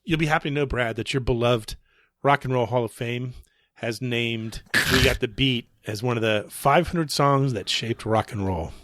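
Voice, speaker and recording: A man's voice: mid-range voice, moderate pace, fairly bright tone, no echo, studio quality. Slightly wheezy man, joking podcast co-host. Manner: playful, joking banter. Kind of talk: casual chat.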